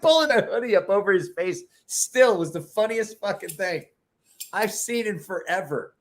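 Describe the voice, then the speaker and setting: A man's voice: high voice, normal speed. A man hosting a live stream, telling stories and swearing freely in casual chat. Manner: animated storyteller, swears freely. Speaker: livestream host.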